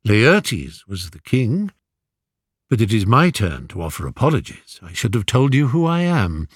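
A man voicing a gentle, soft-spoken old king. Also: fairly low pitch, very animated, husky, no room sound, studio quality, full character voice. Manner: soft, measured and kindly.

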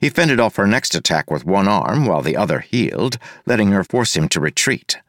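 A man with a very low voice narrates an action story, brisk and lively in his delivery. The sound is dry and close, with no room around it. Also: no room sound. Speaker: audiobook narrator. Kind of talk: scripted narration.

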